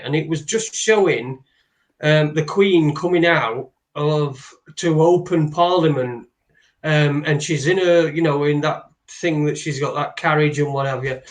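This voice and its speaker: A man co-hosting a casual chat, ranting with animated, halting restarts. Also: on the high side. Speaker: co-host.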